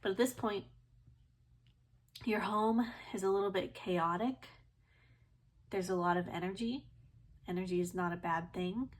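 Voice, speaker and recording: A woman's voice: mid-range voice, a little slow, pauses often. A woman giving a casual, chatty tarot reading to her viewers, with loose fillers and a slightly itchy throat. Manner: chatty, relaxed, many fillers and soft laughs. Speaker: tarot reader.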